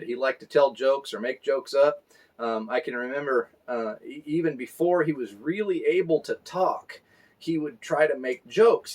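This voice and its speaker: A man's voice: medium pitch, a little mellow. Reflective man in his forties preaching. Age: 40s. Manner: reflective and conversational, with fillers. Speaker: pastor. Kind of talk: story sermon.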